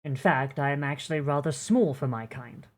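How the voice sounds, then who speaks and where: A woman voicing a large, solemn creature guard who speaks in a measured, formal way. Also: a bass voice.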